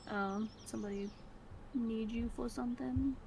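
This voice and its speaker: A woman's voice: a little high, fairly even intonation, normal speed, vocal fry, a little mellow, slight background noise. A woman chatting playfully with friends on a voice call, speaking into a desk microphone. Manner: playful, mock-defensive. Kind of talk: casual chat on voice call.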